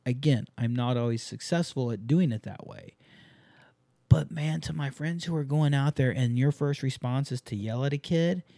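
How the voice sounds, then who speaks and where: A young adult man hosting a casual chat, telling stories in a blunt, profane, animated way. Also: medium pitch, normal speed, gravelly, no echo.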